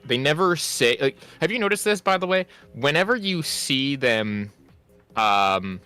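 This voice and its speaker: A streamer chatting casually, rambling on to explain a point. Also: male voice, lowish voice, bright, forceful tone, smooth.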